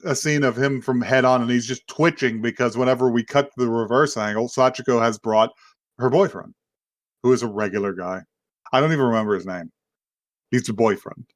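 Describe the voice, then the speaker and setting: A man's voice: medium pitch, fairly quick, no room sound. A man casually recapping an anime episode on a podcast, laughing often as he retells scenes. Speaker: podcast co-host.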